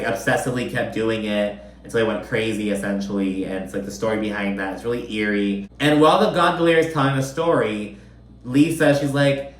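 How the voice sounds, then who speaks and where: A man's voice: medium pitch, a bit bright. Profane, gossipy man recapping TV. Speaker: recap commentator. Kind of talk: casual reality-TV recap commentary. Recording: echoey room.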